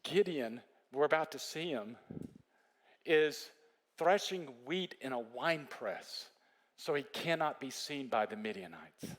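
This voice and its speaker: A man preaching a sermon as a pastor, telling the story in an animated way that climbs high when he stresses a point. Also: unhurried. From Texas.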